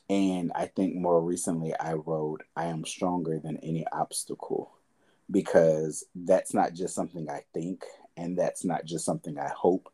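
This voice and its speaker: A man's voice: sits low, a little mellow, breathy edge. A young man hosting a podcast, talking candidly and conversationally about hard times, with fillers and repeated words. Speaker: podcast host. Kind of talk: reflective podcast monologue.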